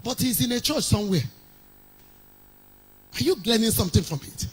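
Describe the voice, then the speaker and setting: A woman's voice: on the high side, animated, normal speed, long pauses, husky, poor audio. A woman pastor with a Nigerian accent preaching a sermon in a sing-song cadence, reading scripture aloud between stories.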